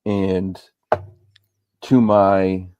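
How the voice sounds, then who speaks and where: A man's voice: low voice, flat delivery, extremely slow, mellow, smooth, no room sound, dull audio. A man hosting a live podcast stream, chatting casually and rambling with lots of fillers. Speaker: podcast host.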